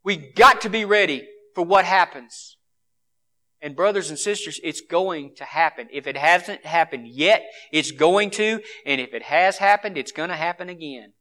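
A man preaching a sermon, swinging from forceful exhortation to hushed earnestness. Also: fairly high pitch, normal speed.

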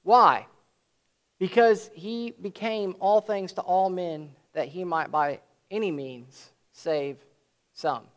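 A preacher with a high-pitched voice gives an earnest sermon, reading scripture passages and then explaining them. He slows and swells for emphasis, drawing out key words and raising his voice to drive them home.

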